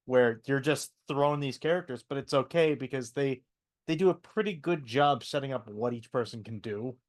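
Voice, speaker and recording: A man co-hosting a casual podcast, talking haltingly with repeated words and fillers. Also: medium pitch. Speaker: podcast co-host.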